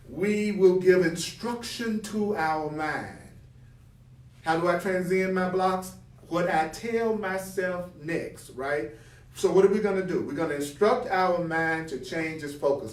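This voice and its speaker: Captured from a distance in a roomy space, a man with a fairly high voice at normal speed teaches from a spiritual text. He reads passages, then explains them in an animated way with rhetorical questions and acted-out example dialogue.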